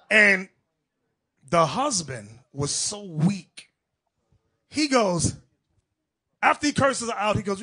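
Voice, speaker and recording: A male preacher with a high, husky voice delivers an animated sermon. His pitch swings widely, and his tone is bright and forceful. He is emphatic and mocking, and he acts out the people in his stories. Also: moderate pace.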